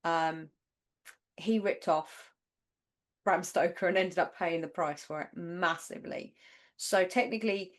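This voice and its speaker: A Northern English woman co-hosts a podcast, rambling loosely through a casual chat about old films with many fillers. Her voice is lowish, her pace measured, and she pauses often.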